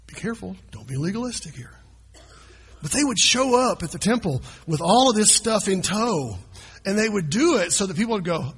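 A man's voice: high voice, lively intonation, normal speed, breathy edge. A man, preaching a sermon as pastor and talking to his congregation in a conversational way. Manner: conversational, asks the congregation questions. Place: church sanctuary. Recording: long hall reverb.

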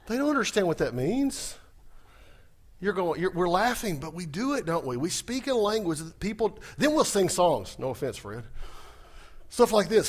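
A man preaching a sermon, animated and humorous, talking fast. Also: sits high. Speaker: pastor.

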